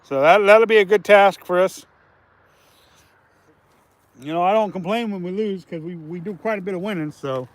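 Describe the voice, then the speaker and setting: A man's voice: sits high, moderate pace, pauses often. A man hosting a casual fishing livestream from outdoors by a river, chatting with viewers and laughing often.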